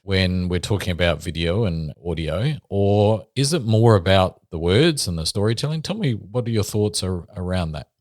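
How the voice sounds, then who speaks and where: A man's voice: low voice, lively intonation, normal speed, few pauses, darkish tone, no room sound, studio quality. A man hosting a podcast, asking long, rambling questions with restarts. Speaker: podcast host, interviewer.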